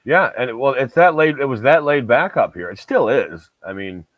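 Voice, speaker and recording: A man's voice: mid-range voice, expressive, moderate pace, no room sound, highs cut off. Chatty upstate New York man, dry sound. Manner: rambling, self-interrupting. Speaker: podcast co-host. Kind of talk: casual chat.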